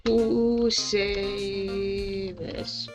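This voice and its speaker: A woman's voice: mid-range voice, flat delivery, extremely slow, low-quality recording. A woman streamer playing a game and reading its dialogue aloud, with casual mumbled asides. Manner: casual, mumbled asides between read lines. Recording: music playing behind.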